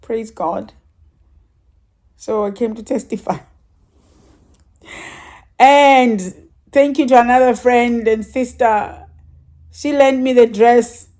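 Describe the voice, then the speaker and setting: Speaking slowly with frequent pauses, this woman has a somewhat high, slightly mellow voice. Her church testimony is informal and meandering: she chats along, laughs a lot, and gets a little emotional as she tells her story.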